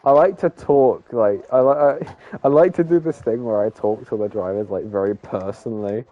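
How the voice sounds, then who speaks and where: A man's voice: fairly low pitch, normal speed, phone-quality sound. A man giving casual, rambling commentary on a sim race, joking and talking to the drivers.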